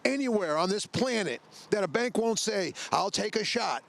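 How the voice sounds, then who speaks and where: A man, a car dealer making an emphatic sales pitch that repeats its slogans and talks straight to buyers. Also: animated, normal speed, creaky, fairly bright tone.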